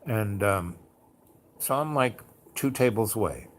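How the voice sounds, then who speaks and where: A man's voice: lowish voice, expressive, unhurried, slight background noise. Rambling, theatrical male storyteller. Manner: rambling, full of "you know" and "like"; acts out quotes in a raised theatrical voice. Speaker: host. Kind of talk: casual storytelling monologue.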